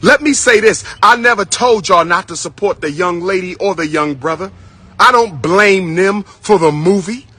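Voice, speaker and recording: A man's voice: high-pitched, normal speed, bright, forceful tone, husky. A man ranting bluntly straight to his listeners, repeating himself and calling them brothers and sisters. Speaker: commentator. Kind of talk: direct-to-camera rant.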